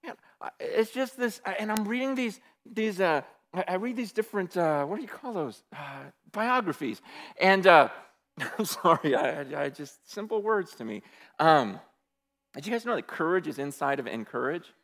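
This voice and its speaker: Animated high-voiced male preacher, echoing hall. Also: normal speed. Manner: animated, stammering restarts, swings from hushed to loud. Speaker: pastor. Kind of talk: sermon. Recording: long hall reverb.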